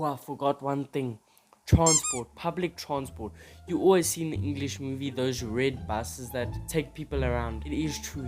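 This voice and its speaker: A young man from South Africa with a South African accent, telling stories in a chatty, animated way in his room. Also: medium pitch. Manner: chatty, animated, teasing complaints. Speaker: vlogger. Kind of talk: casual storytelling vlog. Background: music.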